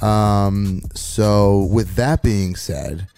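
Low-voiced young man, hesitant. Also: extremely slow, warm tone, faint music behind. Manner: thinking aloud, hesitant with ums. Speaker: podcast co-host. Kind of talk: casual chat.

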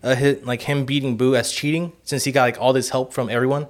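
A man's voice: mid-range voice, level tone, quick pace. A man in casual podcast chat. He rambles and swears, filling his speech with "like" and "you know". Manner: rambling, profane, heavy use of "like" and "you know". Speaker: podcast co-host.

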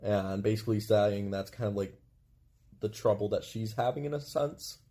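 Low-pitched man, relaxed podcast co-host, rambling casual delivery. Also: moderate pace. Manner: rambling, laid-back, many fillers. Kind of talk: casual film discussion.

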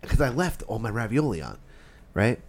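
A man's voice: medium pitch, normal speed. A man co-hosting a podcast, telling a dinner story in casual chat and acting out the quotes. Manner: animated storyteller acting out quotes, swears freely. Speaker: podcast co-host.

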